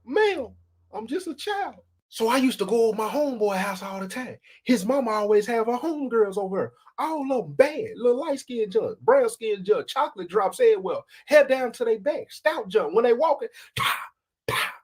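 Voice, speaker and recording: Casting note: woman, higher voice, husky, animated comic storyteller who acts out sound effects. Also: a little fast, hardly any pauses. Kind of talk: comedic storytelling.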